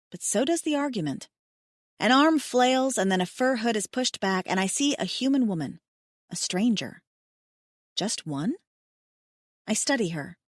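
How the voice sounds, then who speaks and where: Casting: female audiobook narrator, very lively delivery, dry close studio sound. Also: a little high, dry recording. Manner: expressive, intimate. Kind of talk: first-person romance audiobook narration.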